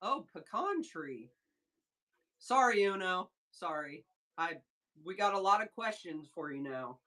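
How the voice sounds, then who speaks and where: A woman runs a casual live sales stream, talking to her viewers and reacting loudly to their comments. Her voice is bright and forceful, and she takes her time getting the words out. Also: lowish voice, a little slow. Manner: excitable, chatty, reads chat aloud. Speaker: livestream seller host. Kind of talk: casual livestream chat with viewers.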